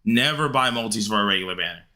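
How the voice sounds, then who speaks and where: A man streaming a game live, chatting casually with viewers and grumbling loudly at the game in an excitable way. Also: lowish voice, fast talker. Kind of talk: live-stream gameplay commentary answering chat.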